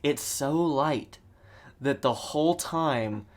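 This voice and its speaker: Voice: mid-range voice, slow. A podcast co-host in casual movie review chat, rambling and swearing freely, often laughing.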